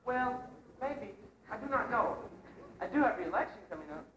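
A woman's voice: a little high, animated, normal speed, a bit bright. A woman playing a vain male mayor in a school pageant skit, grand and dithering. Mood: pompous. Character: pompous male French mayor, vain, fussy. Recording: echoey hall from far off, noisy.

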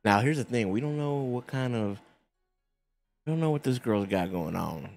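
Gravelly young man streaming a game. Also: mid-range voice, expressive, moderate pace, a little mellow, faint music behind. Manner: brash, joking slang, says bro and bruh. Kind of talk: casual live gameplay commentary. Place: home streaming setup. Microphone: studio condenser mic on an arm.

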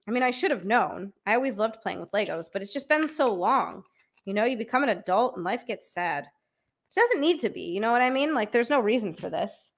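A young adult woman chatting on a live stream from a room at home, excitable and chatty, thanking viewers by name and bursting into squeals. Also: on the high side, a little fast. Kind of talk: casual live-stream chat.

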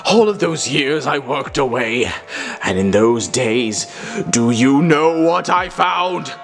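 A performer voicing a grandiose villain who devours robots, speaking with slow, theatrical menace in a fan-made puppet drama. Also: medium pitch, expressive, faint music behind. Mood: menacing. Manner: slow gloating speech with wild swings and maniacal laughs. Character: sinister robot-eating male villain, gloating, grandiose.

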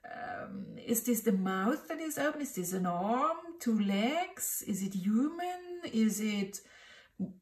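A woman's voice: on the high side, animated, takes it slowly. Woman mumbling thru a drawing lesson, lots of ums, sounds kinda far from the mic. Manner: hesitant, muttering, many fillers and self-questions. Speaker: drawing teacher. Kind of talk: thinking aloud while drawing. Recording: roomy echo, distant mic.

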